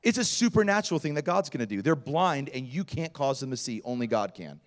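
A man preaching a sermon as pastor, telling personal stories in an animated way with self-deprecating humor. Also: medium pitch, brisk.

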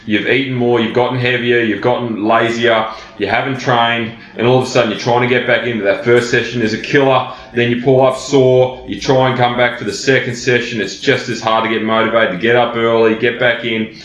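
A man's voice: medium pitch, level tone, brisk, hardly any pauses, fairly bright tone. A man hosting a solo fitness podcast, talking bluntly and casually with plenty of fillers. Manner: blunt, conversational, many fillers. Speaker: personal trainer and podcast host. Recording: roomy, dull lo-fi sound.

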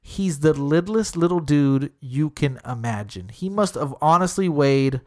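Man in casual chat retelling a run-in, cusses freely, lots of filler words, animated delivery. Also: on the high side, unhurried. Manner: heavy swearing, fillers like "literally" and "dude"; animated retelling, acting out quotes.

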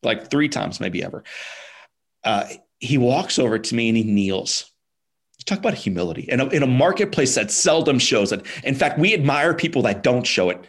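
A man's voice: mid-range voice, sing-song, normal speed. A man guest on a podcast, telling a personal story in a casual, emphatic way, dropping "like", "man" and "dude" and sometimes repeating words. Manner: repeats words when emotional.

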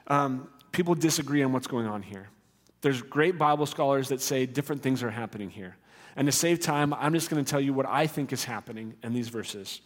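A man's voice: fairly high pitch, in a large hall. A man preaching a sermon in an earnest, conversational teaching manner with rising emphasis. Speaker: pastor.

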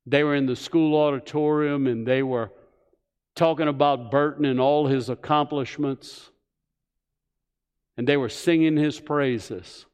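A man preaching a sermon as pastor, telling a story in an earnest manner with pauses before he puts a direct question to the congregation. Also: fairly high pitch, steady tone, a little mellow, smooth. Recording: church hall with long reverb.

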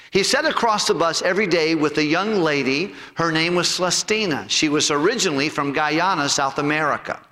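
A male pastor preaching a sermon and telling a personal story in earnest, sinking low and soft when he quotes people. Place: church sanctuary. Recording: long hall reverb.

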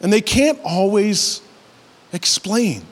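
A man in his thirties preaching a sermon, who builds to high, animated passages and acts out voices in his stories. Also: takes it slowly, long reverb tail. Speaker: pastor.

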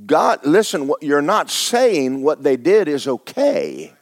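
A man's voice: a little high, big pitch swings, a little slow, no room sound, clean studio sound. A man preaching a sermon as pastor, talking to his congregation with rhetorical questions. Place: church sanctuary.

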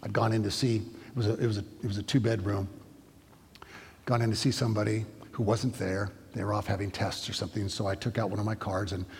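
A husky, gravelly middle-aged man giving a sermon as a pastor. He tells stories in a loose, conversational way, often restarting his sentences. His voice rings out with a long reverb, as in a large hall. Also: fairly low pitch, flat delivery, fast. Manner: conversational storytelling with frequent restarts.

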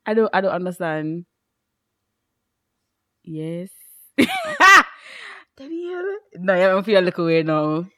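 A young woman chats as a podcast co-host. Her pitch swings widely as she tells stories, and she breaks into laughter often. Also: slow, pauses often. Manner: animated storyteller, laughs often. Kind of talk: casual chat.

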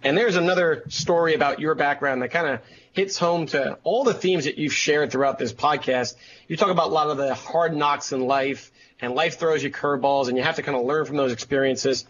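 A man hosting a podcast interview, asking questions in a measured, prepared way. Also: a little high, a bit bright. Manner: measured, scripted-sounding questions. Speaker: podcast host. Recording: dull lo-fi audio with faint noise.

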